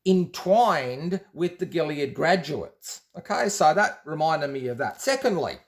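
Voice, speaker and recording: A man's voice: fairly high pitch, animated, measured pace. A man telling a personal story in a loose, rambling way, with many restarts and quoted exchanges. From Australia. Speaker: former Jehovah's Witness telling his story. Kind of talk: casual storytelling monologue.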